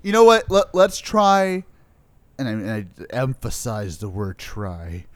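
A man hosting a casual podcast chat, animated and teasing, swearing freely. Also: on the high side, clear, resonant tone, no room sound.

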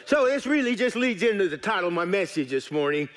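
Folksy pastor, high voice. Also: male voice, sing-song, brisk, fairly bright tone. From United States. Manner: folksy, joking, earnest. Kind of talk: sermon. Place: church.

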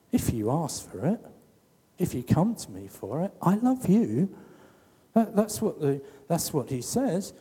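A man's voice: fairly high pitch, warm tone, husky, in a large hall. A man preaching a sermon in a conversational way, full of rhetorical questions.

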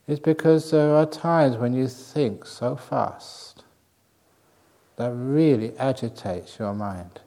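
A man giving a talk as a meditation teacher, playful and humorous, who laughs at his own jokes and shifts between slow, soft, spaced-out words and quick, high bursts to make his points. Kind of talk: spoken talk on calming the mind.

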